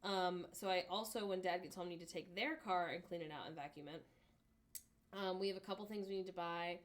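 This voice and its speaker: A woman's voice: fairly low pitch, fairly quick. A woman co-hosting a casual livestream, rambling along with lots of "um" and "like". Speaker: livestream co-host.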